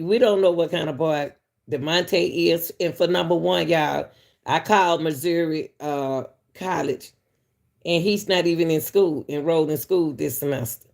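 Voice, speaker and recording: Deep, creaky, and darkish in tone, this woman's voice carries her casual online commentary show. She chats straight to her viewers and lets out chuckles between points.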